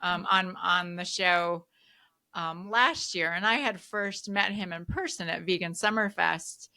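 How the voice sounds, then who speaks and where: A woman hosting a podcast, telling stories in a lively conversational way with frequent laughter. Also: lowish voice, measured pace. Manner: animated storyteller, laughs often. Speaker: podcast host.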